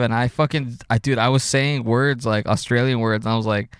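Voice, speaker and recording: A man's voice: mid-range voice, fairly even intonation, brisk, clear, resonant tone, no echo, studio quality. A young man co-hosting a casual podcast, telling a story loosely with swearing and frequent laughter. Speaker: podcast co-host. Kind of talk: casual chat.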